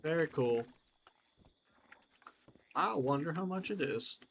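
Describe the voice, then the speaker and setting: A man's voice: fairly high pitch, expressive, slow pace, fairly bright tone, slight background noise. A man giving let's-play commentary, chatty and wry, talking to himself as he explores. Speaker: gamer.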